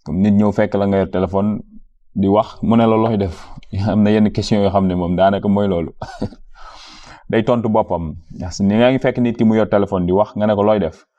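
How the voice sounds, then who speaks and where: Patient low-voiced man teaching beginners. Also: steady tone, lo-fi sound. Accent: Wolof. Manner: repeats phrases slowly and patiently, then explains them. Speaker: language teacher. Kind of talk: beginner language lesson.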